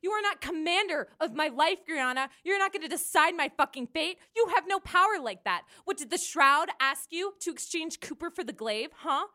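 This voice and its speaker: A woman's voice: medium pitch, expressive, normal speed, lightly acted. A woman playing a defiant young woman in a tabletop game, pushing back with rising anger. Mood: angry. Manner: defiant, rising to angry shouts.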